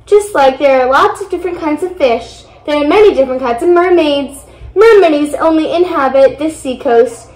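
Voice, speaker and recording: A young reader voicing a tiny, shy female mermaid who speaks slowly and primly. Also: sits high, a little mellow, close to an everyday voice, low-quality recording.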